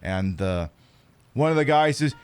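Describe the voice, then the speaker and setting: A man's voice: mid-range voice, expressive, measured pace, darkish tone, clean tone, dry recording, soft background music. An American man chatting casually while streaming a game, rambling and stammering through restarts. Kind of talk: casual chat while gaming.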